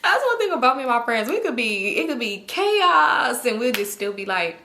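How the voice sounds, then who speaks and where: A woman's voice: a little high, moderate pace, reverberant, a little hiss or hum. A woman vlogger telling a storytime in casual, slangy talk with lots of laughing. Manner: animated, slangy, laughs often.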